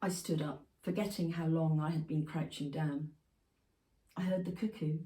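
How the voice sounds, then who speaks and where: A woman reading her own childhood memoir aloud at a festival, measured and expressive. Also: low-pitched. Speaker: prize-winning author reading her own memoir piece. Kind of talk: literary reading. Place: festival venue. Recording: roomy, from a distance.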